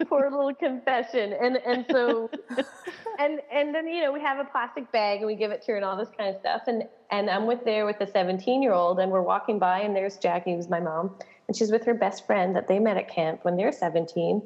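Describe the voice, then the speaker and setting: A woman's voice: medium pitch, a little fast. A woman co-hosting a podcast, telling funny camp stories in a casual, laughing way. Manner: laughing, animated storyteller. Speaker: podcast co-host, camp director. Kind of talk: casual chat. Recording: dull, echoey long reverb.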